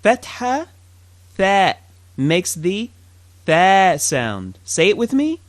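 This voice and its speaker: A man's voice: high voice, very animated, drawn-out words, no echo. A man teaching a language lesson, patiently drilling each sound and asking the listener to repeat after him. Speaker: Arabic teacher.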